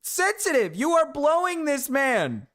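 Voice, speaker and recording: A male streamer giving casual reaction commentary. His voice is high and bright, and he breaks into loud, incredulous outbursts. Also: sing-song, unhurried, dry recording, clean studio sound.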